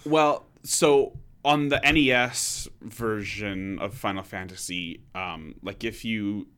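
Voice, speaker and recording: A man's voice: on the low side, slow, fairly bright tone, smooth. A man co-hosting a podcast in casual chat, explaining and recapping in a wry way. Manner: wry, explanatory, with many "like" fillers. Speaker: podcast co-host.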